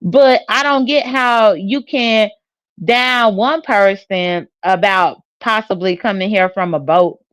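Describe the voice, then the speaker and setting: A woman's voice: mid-range voice, takes it slowly, a bit bright, dry recording. A woman co-hosting a casual commentary show, rambling and hesitant, with many fillers.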